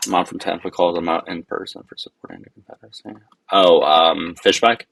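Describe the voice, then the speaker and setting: A man with a low, husky voice hosts a live debate stream. He is blunt and cuts callers off when they ramble. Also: fairly even intonation, fairly quick, fairly bright tone, dry recording. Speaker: livestream host.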